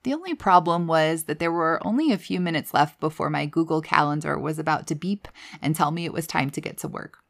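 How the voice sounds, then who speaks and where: A woman podcaster tells her own story in a candid, reflective, conversational way. Her voice sits low for a woman and has a gravelly edge. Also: fairly quick, a bit bright.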